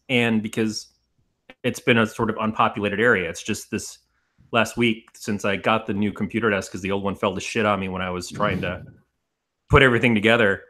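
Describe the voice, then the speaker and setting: Man, podcast co-host, bright forceful tone, rambling, profane, casual banter. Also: lowish voice. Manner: rambling, profane, laughs often.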